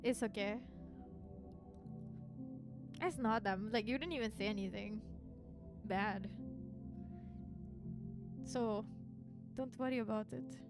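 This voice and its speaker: A young woman streamer with a slightly high voice chats casually with her viewers. She rambles along, filling her sentences with "like" as she goes. Music plays clearly underneath her voice. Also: takes it slowly, long pauses. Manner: rambling, chatty, full of "like" fillers. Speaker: virtual streamer.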